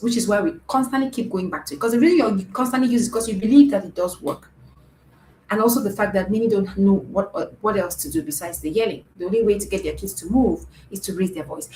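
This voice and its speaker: This is a live-streamed talk for parents, led by a woman whose voice is medium-pitched and mellow. She coaches earnestly, circling back over points and regularly checking in with "right?", in an echoey room with faint noise.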